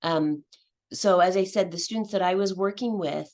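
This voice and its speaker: Low gravelly woman giving a talk. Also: normal speed, a little mellow. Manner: hesitant, many fillers and restarts. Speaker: English language teacher. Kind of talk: conference presentation.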